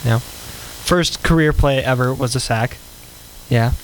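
A man co-hosting a casual sports podcast, talking in quick, excitable bursts and laughing often. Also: medium pitch, a little hiss or hum, low-quality recording. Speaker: podcast co-host.

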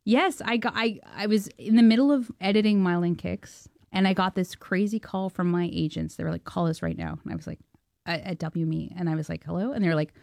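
Excitable Canadian woman, interview guest, dry close mic. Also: lowish voice, fairly quick, vocal fry, dry recording. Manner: excitable, laughing often, acting out quoted dialogue. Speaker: filmmaker guest. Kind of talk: animated storytelling in an interview.

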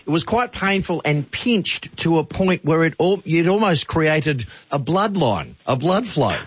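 A man's voice: a little high, big pitch swings, a little slow, husky, no echo, muffled recording. A man hosting a radio interview, chummy and enthusiastic. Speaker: radio host. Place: radio studio.

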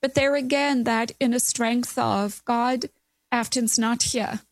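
A woman's voice: fairly high pitch, fairly even intonation, slow pace, dry recording. A woman, a mother and grandmother, hosting an interview and responding sympathetically. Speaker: host.

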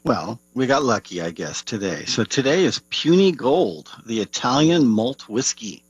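A man joining a radio show remotely, reading tasting notes for the whiskey segment in a relaxed way. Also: mid-range voice, measured pace, slightly rough, dry recording, highs cut off. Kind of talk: reading product notes on air. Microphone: remote call-in.

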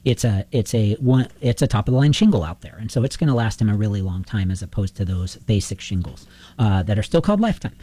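A middle-aged man talks shop as a roofing contractor, spinning animated anecdotes. His voice is warm and mellow, recorded close and dry with no room sound. He slips into quoted dialogue with ease. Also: on the low side, quick pace, dry recording. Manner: animated anecdotes, acts out quoted phone calls. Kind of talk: casual interview storytelling.

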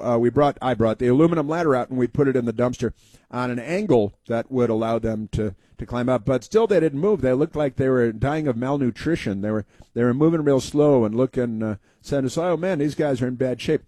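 Hosting a talk radio show, a man with a warm, mid-range voice spins a rambling, folksy story, acting out quoted voices amid many fillers and restarts. The recording is dry.

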